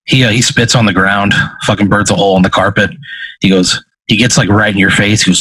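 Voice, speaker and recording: Husky-voiced man running a role-play. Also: fairly low pitch, fairly even intonation, fairly quick, pushed and bright, dry recording, rough recording. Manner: casual, profane, rambling. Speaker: game master. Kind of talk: narrating a tabletop role-play.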